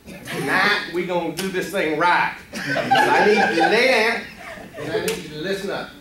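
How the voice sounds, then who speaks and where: A man's voice: high voice, normal speed. A man telling a spooky bedtime story to a meeting audience in a put-on hillbilly drawl. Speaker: club member telling an impromptu story. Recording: echoey meeting room from far off, faint noise.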